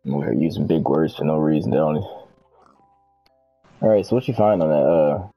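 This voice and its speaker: A man's voice: a bass voice, moderate pace, gravelly, dull audio, soft background music. A man hosting a gaming video, chatting casually and rambling through self-corrections while he plays. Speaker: gaming channel host. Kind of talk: casual gameplay chat.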